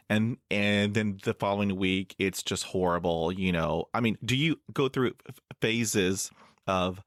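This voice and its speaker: A man's voice: lowish voice, dry recording, studio quality. A man hosting an interview, who stutters now and then and often says "you know". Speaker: podcast host. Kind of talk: casual interview talk.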